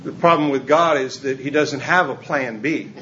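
A man's voice: medium pitch, normal speed, fairly bright tone, highs cut off, a little hiss or hum. A man preaching a sermon in a conversational, humorous way, chuckling as he goes. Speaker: pastor.

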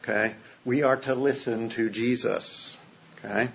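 A man delivers a sermon as a pastor, chatty and joking, often checking in with his listeners. His voice is husky and sits at a middling pitch. The recording sounds dull and lo-fi. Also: steady tone, a little slow. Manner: conversational, joking, checks in with "okay?".

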